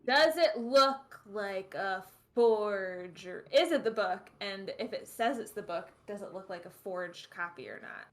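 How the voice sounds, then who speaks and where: Bright-voiced woman playing a tabletop game. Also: medium pitch, animated, measured pace, hardly any pauses. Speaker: player. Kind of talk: casual tabletop game chat.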